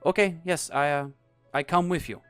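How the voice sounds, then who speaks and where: Give me a man playing a shy young Frenchman with a French accent, stammering in broken English, raised and high. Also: moderate pace, fairly bright tone, clear, resonant tone, no echo, soft background music, lightly acted. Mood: flustered.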